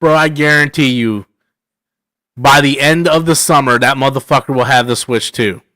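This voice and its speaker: A man's voice: medium pitch, normal speed, bright, forceful tone, no room sound. A man hosting a live stream, rambling casually through chat questions, slangy and full of "man" and "bro".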